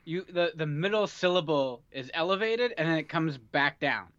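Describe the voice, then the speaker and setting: A man's voice: fairly high pitch, lively intonation, moderate pace, a bit bright, clean tone, no room sound, highs cut off. A man co-hosting a podcast in casual, joking chat. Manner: joking, teasing. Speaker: podcast co-host.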